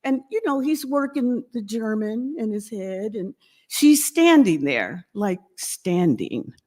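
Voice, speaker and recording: A woman's voice: a little high, takes it slowly. A woman telling a playful, laughter-filled story as she introduces a guest speaker at a college convocation. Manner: animated, playful, laughing often.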